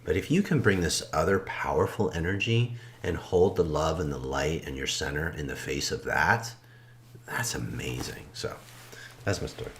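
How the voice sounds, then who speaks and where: A man co-hosting a podcast, calmly and reflectively telling a story in casual conversation, often trailing off soft and low. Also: moderate pace. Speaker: podcast co-host.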